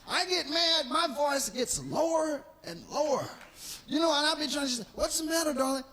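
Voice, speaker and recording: Man, 40s, stand-up comedian, profane storytelling, acts out characters, high voice, very lively pitch. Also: normal speed. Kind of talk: live stand-up comedy routine. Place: live stage show.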